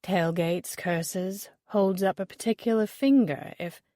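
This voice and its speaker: A woman's voice: mid-range voice, a little slow, mellow, no echo, clean studio sound, natural voice. A woman voicing a charming man with a teasing manner.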